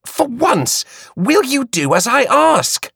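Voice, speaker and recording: A man's voice: high voice, wildly swooping pitch, moderate pace, fairly bright tone, no room sound, clean studio sound, voice pushed up, exaggerated voice. A man voicing a bossy, demanding young society lady in an audiobook. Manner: insistent, commanding.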